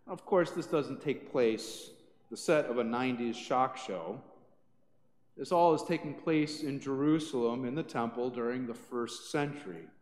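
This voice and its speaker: A man pastor preaching a sermon with animated storytelling. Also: mid-range voice, unhurried. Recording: echoey church hall.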